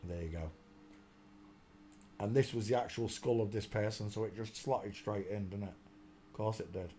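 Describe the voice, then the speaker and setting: A man's voice: fairly low pitch, normal speed, dark tone, slight background noise. A man hosting a casual live stream, rambling, mocking and often breaking into laughter.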